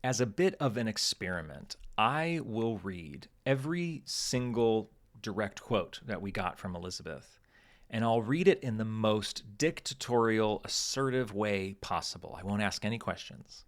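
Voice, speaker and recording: Low-voiced man hosting a podcast. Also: animated, measured pace. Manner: conversational, thinking aloud, with hesitant restarts. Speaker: podcast host. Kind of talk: casual analytical podcast talk.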